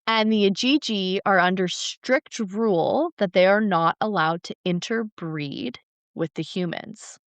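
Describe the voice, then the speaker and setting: A woman co-hosting a podcast, casually retelling ancient myths with playful, animated flair. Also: mid-range voice, unhurried, smooth, no echo. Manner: animated, acts out characters, playful. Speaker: podcast co-host. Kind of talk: casual storytelling chat.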